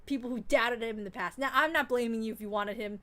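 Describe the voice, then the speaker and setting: Woman streamer kinda high voice, hyped and rambly, swears a lot while gaming. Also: quick pace. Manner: excitable, swears freely, rambling. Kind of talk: casual gaming stream chat.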